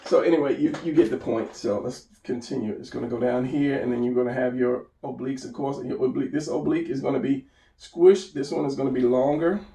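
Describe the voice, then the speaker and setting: A man's voice: medium pitch, fast, vocal fry, warm tone, echoey room, recorded from a distance. A man giving an unscripted drawing lesson, rambling and correcting himself as he sketches. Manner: rambling, self-correcting, talks while drawing. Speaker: drawing instructor.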